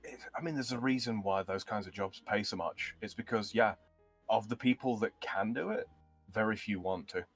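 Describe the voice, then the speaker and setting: A man with a low voice talks calmly on a live stream. He chooses his words slowly, with small hesitations. Faint music plays underneath. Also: breathy edge. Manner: measured, thoughtful, a bit hesitant. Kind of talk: casual live-stream chat.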